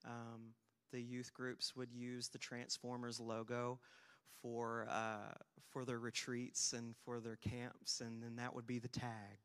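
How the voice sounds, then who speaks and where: A young man preaching a sermon, telling self-deprecating stories with sudden loud bursts of emphasis. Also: mid-range voice, fairly even intonation, slow. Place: church sanctuary. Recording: long hall reverb.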